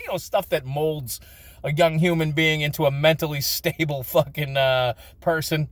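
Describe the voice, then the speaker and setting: A man's voice: fairly high pitch, fairly even intonation, moderate pace, dry recording. A man telling crude, funny childhood stories in a casual vlog, swearing often and laughing between lines. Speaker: storyteller.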